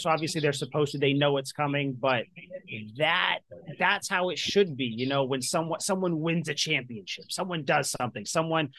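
Halting man with a raised voice. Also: on the high side, a bit bright, dry recording. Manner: halting, agreeable, repeats himself. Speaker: podcast co-host. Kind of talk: casual sports talk.

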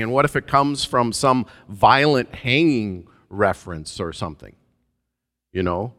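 Man, pastor, casual musing sermon, smooth resonant voice, long church reverb. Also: mid-range voice, fairly bright tone. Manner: conversational, musing, frequent "uh" fillers. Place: church sanctuary.

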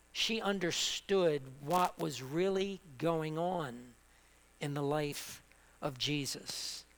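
A man's voice: fairly high pitch, a bit bright. A man preaching a sermon with passion, building through repeated phrases and rhetorical questions.

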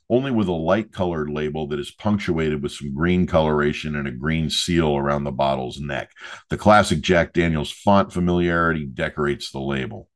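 A chatty male podcast host with a very low, deep voice. He talks in a loose, joking way, full of asides, as if chatting with his regular listeners. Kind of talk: casual podcast monologue and product review.

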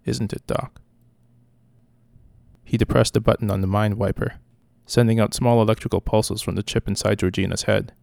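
A man narrating a dark short story in a flat, steady way. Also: on the low side, a little fast, creaky, few pauses, no room sound, studio quality. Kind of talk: story reading.

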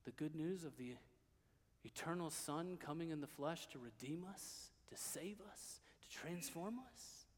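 A man preaching a sermon as pastor, dropping to hushed, quiet passages and then rising to loud, emphatic declarations. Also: fairly high pitch, measured pace, long reverb tail.

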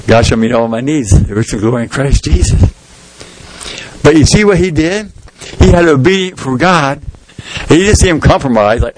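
A man's voice: fairly high pitch, expressive, normal speed, long pauses, darkish tone, slight background noise, low-quality recording. A middle-aged man preaching a sermon as pastor in a folksy, storytelling way, acting out the people in the story. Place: church sanctuary.

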